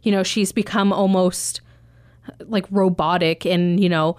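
A woman's voice: on the low side, fairly even intonation, unhurried, a little mellow, no echo. A young woman co-hosting a casual podcast, heated and profane, often restarting her sentences. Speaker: podcast co-host. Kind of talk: casual film discussion.

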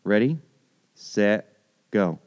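A man's voice: fairly low pitch, lively intonation, extremely slow, darkish tone. Upbeat man hosting a kids' show. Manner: upbeat, repeats himself, stretches words for emphasis. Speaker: kids' church host.

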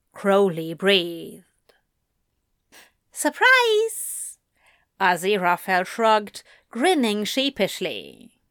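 A woman reading a story aloud in a measured, expressive narration. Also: a little high, no room sound, clean studio sound. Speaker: reader. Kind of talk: audiobook narration of fan fiction.

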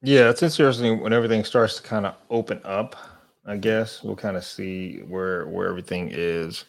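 A man's voice: lowish voice, steady tone, normal speed, gravelly. A man co-hosting a podcast, laid-back and slangy in casual banter. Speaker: podcast co-host. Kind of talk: casual chat.

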